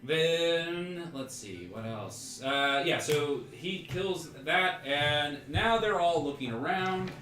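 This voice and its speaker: Bright-voiced male game master. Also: a little high, lively intonation, slow pace, hardly any pauses, faint music behind. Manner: rambling, laughing asides. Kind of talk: narrating a tabletop game. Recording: echoey room, mic far off.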